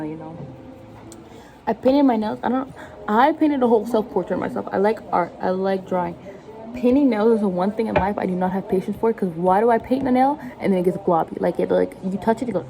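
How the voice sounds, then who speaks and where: Mellow-voiced young woman chatting while cooking. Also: medium pitch, a little hiss or hum. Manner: rambling, jokey, self-mocking. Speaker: vlogger. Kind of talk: casual chat while cooking.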